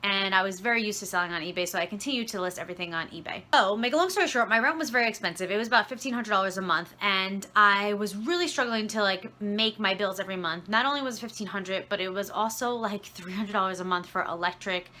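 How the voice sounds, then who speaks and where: Young woman vlogger, bright tone, chatty and rambling, phone-recorded. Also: medium pitch, quick pace, few pauses. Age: young adult. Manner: rambling, chatty, fed-up asides. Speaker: vlogger and reseller. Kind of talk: casual storytelling vlog.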